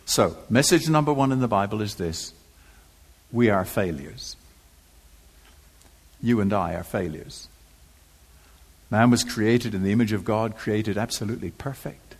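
A man preaching a sermon in church, emphatic and rhetorical, repeating phrases for effect with touches of dry humor. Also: lowish voice.

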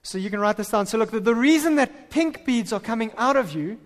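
A man preaching a sermon as pastor, animated and full of stammered restarts. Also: sits high, fairly quick. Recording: reverberant hall.

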